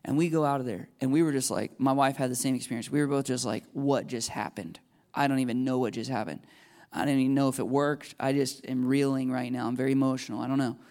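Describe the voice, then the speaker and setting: A young adult man preaching, telling a personal story in an animated way and jumping into high, excited voices when he quotes his own thoughts. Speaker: pastor. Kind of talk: sermon testimony.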